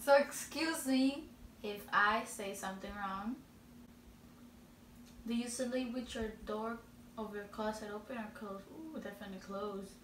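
An eighteen-year-old woman with a Spanish accent, chatting slowly and giggling through a casual Q&A. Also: fairly high pitch. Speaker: vlogger answering questions. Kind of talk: casual Q&A chat. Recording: roomy echo, distant mic, faint noise.

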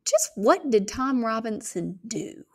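A woman's voice: on the high side, very animated, slow pace, a little mellow, full character voice. A woman reading aloud, voicing a curious, blunt young girl full of questions. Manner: inquisitive, eager.

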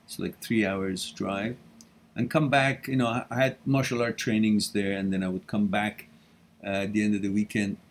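A man's voice: fairly low pitch, fairly even intonation, normal speed. A middle-aged man hosting a live question and answer stream, talking casually and laughing often. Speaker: host. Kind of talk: live Q&A talk.

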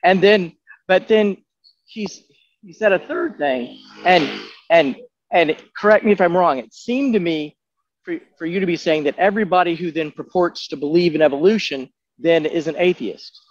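Halting pastor, dry muffled sound. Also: male voice, a little high, dry recording. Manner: halting, careful, many stammers. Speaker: pastor hosting a Bible study. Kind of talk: moderating a group discussion. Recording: dry, dull lo-fi audio.

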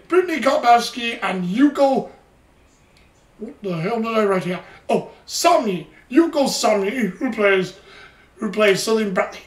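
Host voice: rambling solo reviewer joking in a mock cockney voice, set back from the mic in an echoey room. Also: medium pitch. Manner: rambling, toys with a put-on British cockney voice. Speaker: anime review channel host. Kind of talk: casual solo episode review. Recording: roomy echo, distant from the mic.

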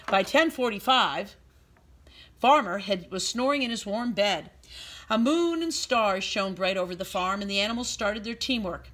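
A preschool teacher reading a picture book aloud to little children. Her voice is sing-song and very lively, swooping up and down to keep young listeners hooked. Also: medium pitch, moderate pace.

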